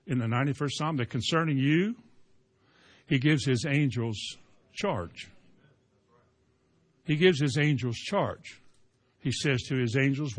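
With a mid-range voice, a male preacher delivers a sermon built on rapid rhetorical questions, moving from slow, booming emphasis to soft side remarks.

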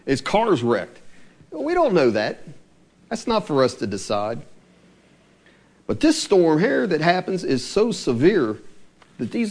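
Preaching as a pastor, a middle-aged man with a high-pitched voice sounds animated. He keeps putting rhetorical questions to his listeners.

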